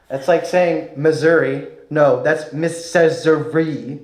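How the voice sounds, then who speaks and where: A man from Kansas with a Kansas accent performing at an open mic. His voice sits a bit high and wanders along with halting fillers and self-deprecating asides. The room gives the sound a roomy echo. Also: over a noisy crowd. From Kansas, United States. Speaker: stand-up comic.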